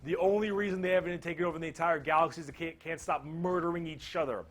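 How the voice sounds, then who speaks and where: A man's voice: a little high, fairly even intonation, fast talker. A man narrating a casual comedic explainer with lots of energy, joking and swearing freely.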